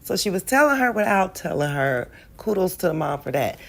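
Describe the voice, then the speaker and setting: A woman's voice: lowish voice, fairly quick, gravelly. A woman hosting a reaction video, commenting casually and expressively. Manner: expressive, exclaiming, chatty. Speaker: reaction host.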